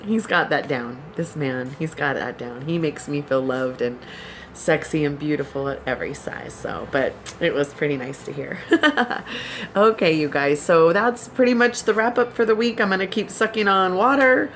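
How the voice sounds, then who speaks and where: A woman's voice: low voice, moderate pace, slight background noise. A woman vlogger chatting casually with her viewers, giggling and laughing often as she tells her stories. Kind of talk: casual chat to subscribers.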